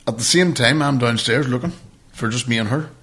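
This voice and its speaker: A man on a podcast, spinning an animated anecdote full of swearing and laughter. His voice sits at a middle pitch, and he talks like a regular co-host in loose, casual chat. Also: brisk.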